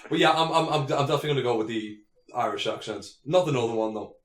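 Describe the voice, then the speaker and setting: A man's voice: medium pitch, racing, reverberant. A man co-hosting a casual podcast, teasing his friends and laughing often. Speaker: podcast co-host reading questions.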